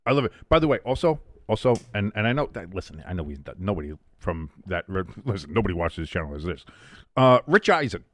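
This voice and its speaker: A man hosting a live game watch-along, calling plays and chatting with loud, profane tangents. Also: low-pitched, fairly quick, no echo, clean studio sound. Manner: animated play-by-play mixed with profane rants. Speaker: host.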